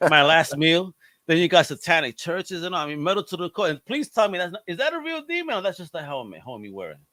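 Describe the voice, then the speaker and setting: A middle-aged man from Brooklyn, hosting a casual chat in an excitable, slangy way with plenty of swearing. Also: a little high, fast talker, no echo. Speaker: podcast host.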